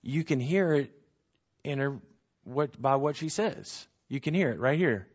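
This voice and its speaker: A man giving a conversational Bible teaching, animated, asking rhetorical questions and acting out the quotes he reads. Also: mid-range voice, a little slow, breathy edge, highs cut off.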